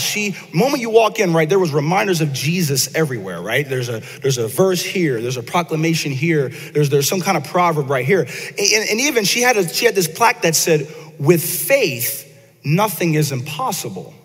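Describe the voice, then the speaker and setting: Man, preacher, conversational sermon, animated swooping delivery, long hall reverb. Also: on the high side, husky. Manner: lively, conversational, repeats words and asks the congregation questions. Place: church sanctuary.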